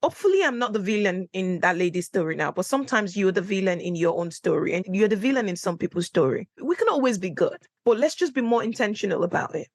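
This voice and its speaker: A woman's voice: big pitch swings, quick pace, hardly any pauses, no room sound. A woman hosting a solo podcast, telling stories in a chatty way and acting out her own quotes. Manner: chatty storyteller, acts out quotes with big pitch jumps. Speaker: podcast host. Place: indoor room, recording at home setup.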